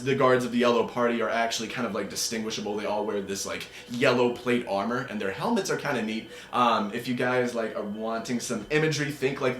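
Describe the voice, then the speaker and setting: Man, game master, tabletop game narration, loose with fillers, roomy echoey room. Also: medium pitch. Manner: loose, relaxed, with many fillers. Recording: roomy echo.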